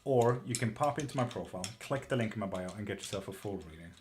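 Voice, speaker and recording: A Swedish man reads tarot on a live stream, answering viewers' questions loosely and casually, swearing now and then and laughing often. His lowish voice is animated, quick and darkish, over clear background noise with keyboard clicks.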